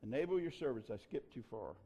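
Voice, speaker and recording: A pastor preaching a sermon in a folksy, conversational way, telling a personal story. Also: male voice, mid-range voice, animated, quick pace, mellow, breathy edge, highs cut off.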